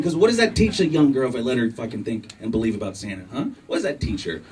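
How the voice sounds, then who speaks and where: A man in his thirties works a comedy club stage with a profane, rowdy set, his voice leaping up and down as he snaps into shouted impressions of his family. The sound is picked up from a distance, loose and roomy. A laughing audience fills the room behind him. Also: medium pitch, lively intonation, fast, hardly any pauses, over a noisy crowd. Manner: profane, jumps into shouted voices of wife and kids. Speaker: stand-up comedian.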